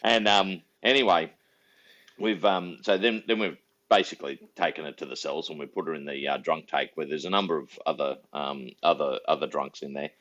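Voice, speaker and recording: A man's voice: extremely low pitch, fairly even intonation, fairly quick, a bit bright. A middle-aged man, a podcast co-host and police officer, telling a story in a rambling way with repeated words. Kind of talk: casual storytelling chat. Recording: dull lo-fi sound.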